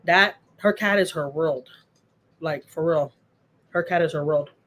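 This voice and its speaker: A woman's voice: low voice, a little slow, fairly bright tone. Chatty heartfelt woman livestreaming. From Texas. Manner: chatty, heartfelt, repeats phrases for emphasis. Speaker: livestream host. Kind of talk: casual livestream chat answering viewer comments. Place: at home.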